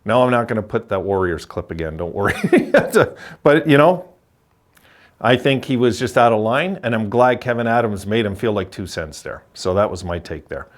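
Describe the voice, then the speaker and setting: A man's voice: lowish voice, lively intonation, normal speed. Older guy from quebec ranting about hockey, blunt, rambling. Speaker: hockey channel host. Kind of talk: casual opinion vlog.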